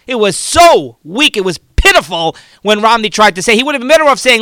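A man's voice: very high voice, lively intonation, fast talker, few pauses, sharp tone, clear, resonant tone, no echo. A man hosting a political talk show, giving fervent, rambling commentary and often repeating and restarting his words.

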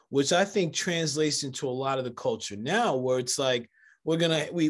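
A man with a fairly high voice hosts a relaxed talk show, leaning into his stories. He acts out relatives' voices with big swings in pitch, jumping up loud when something surprises him. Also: moderate pace. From United States, Jamaican family. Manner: animated storyteller, acts out quoted voices. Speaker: podcast host. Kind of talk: casual conversation.

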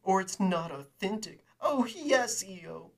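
Man doing a decadent, bloodthirsty lady; high, loud, sing-song coo. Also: lively intonation, slow pace, vocal fry, heavily acted. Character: plump decadent bloodthirsty woman, cooing.

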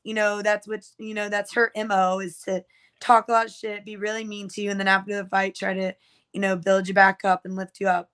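A woman's voice: mid-range voice, level tone, a little fast, a bit bright. A young woman co-hosting a casual podcast, talking freely with lots of fillers and restarts. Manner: chatty, many fillers and restarts. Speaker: co-host.

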